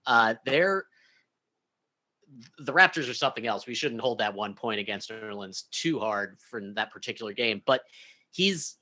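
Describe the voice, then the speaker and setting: Bright-voiced man giving sports takes. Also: on the low side, normal speed. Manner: relaxed and opinionated, drops to a quieter aside voice. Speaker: podcast co-host. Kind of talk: casual fantasy sports chat.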